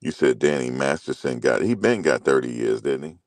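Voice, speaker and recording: A man's voice: extremely low pitch, lively intonation, fairly quick, no room sound, clean studio sound. A middle-aged man talking loosely and casually as a commentary host, rambling through stories with slang and profanity.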